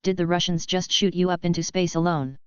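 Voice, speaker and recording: A woman's voice: on the low side, fairly even intonation, fairly quick, clean tone, no echo, natural voice. A woman voicing a cocky young male space outlaw in a storybook reading, light and teasing. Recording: dull, lo-fi dry recording.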